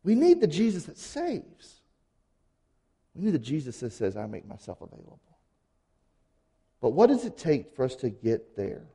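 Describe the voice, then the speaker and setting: Animated male preacher in a reverberant hall. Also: fairly high pitch, moderate pace. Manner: conversational, animated, acts out quotes casually. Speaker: pastor. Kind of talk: sermon.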